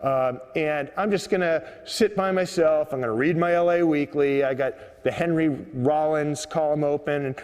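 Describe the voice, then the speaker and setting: A man's voice: on the high side, normal speed, few pauses, smooth. Man rambling a story on a subway platform. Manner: rambling, many uh fillers, relaxed. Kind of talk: live storytelling monologue. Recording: echoey underground platform.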